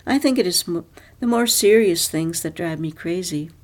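A woman's voice: lowish voice, expressive, normal speed, a little mellow. A woman doing a bitter, weary choir-director wife. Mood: accusing. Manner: clipped, bitter, self-deprecating. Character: sharp-tongued weary middle-aged wife, choir director.

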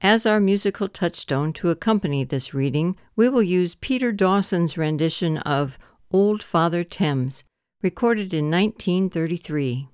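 Brief: woman presenter, smooth low-ish voice, formal announcing, dry studio sound. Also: animated, normal speed, a little mellow, dry recording. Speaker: audiobook series presenter. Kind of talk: scripted introduction.

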